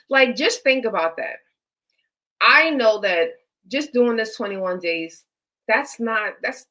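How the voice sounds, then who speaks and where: A woman's voice: medium pitch, bright, forceful tone, rough recording. A woman hosting a live stream, giving faith-based, motivational dating advice with an emphatic, repetitive, preacher-like cadence and features.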